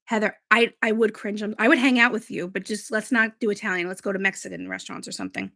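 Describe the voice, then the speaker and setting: Chatty woman with a gravelly voice. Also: medium pitch, lively intonation, quick pace, sharp tone, no echo, clean studio sound. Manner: chatty and rambling. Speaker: beauty livestream host. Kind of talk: casual live-stream chat, reading viewer comments.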